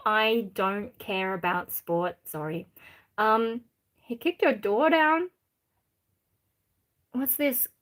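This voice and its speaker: A woman's voice: fairly high pitch, fairly bright tone. A woman in her thirties with an Australian accent, chatting casually on a livestream and answering viewers' questions with plenty of ums. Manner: reads out and answers chat questions, many fillers. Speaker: streamer.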